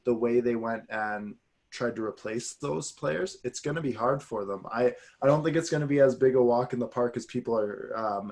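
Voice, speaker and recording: A man's voice: medium pitch, a little mellow. A man co-hosting a sports podcast, talking casually and animatedly, drifting into tangents. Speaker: podcast co-host.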